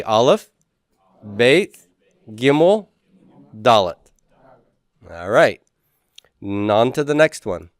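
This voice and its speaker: A man's voice: mid-range voice, clear, resonant tone, dry recording, clean studio sound. A man teaching a class, talking casually and repeating letter names for students to say back. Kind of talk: classroom lecture.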